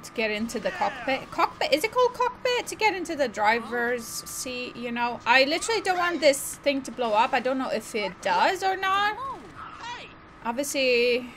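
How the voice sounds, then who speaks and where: A woman's voice: sits high, very animated, normal speed, background noise. A woman gaming streamer giving casual gameplay commentary, chatty and self-mocking, always saying "literally". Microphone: desk microphone.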